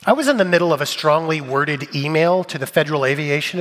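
A man preaching a sermon, telling funny stories with lively delivery and dropping to quiet, serious asides. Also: on the high side, brisk, big-room sound, background noise. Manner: animated, jokey storyteller, shifting between loud bits and quiet asides. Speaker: pastor. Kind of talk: sermon with comic storytelling.

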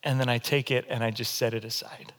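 A man preaching a sermon as pastor, telling stories in a demonstrative, animated way. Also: medium pitch, a little fast.

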